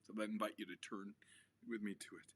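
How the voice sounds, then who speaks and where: A man, a pastor, giving a short devotional sermon in an earnest way. He gets animated when he quotes people and drops to a near whisper to stress a point. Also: on the low side, a little fast, a little hiss or hum.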